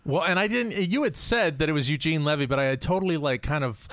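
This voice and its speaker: A man's voice: a little high, animated, quick pace, fairly bright tone, no room sound. A man co-hosting a podcast, chatting casually about a movie, musing and trailing off with fillers as he thinks aloud. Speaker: podcast co-host. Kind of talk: casual movie review chat.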